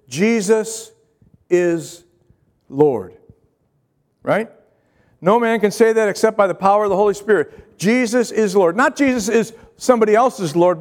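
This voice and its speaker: Man, preacher, high voice, earnest sermon, repeats himself, rhetorical questions, long reverb. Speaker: pastor.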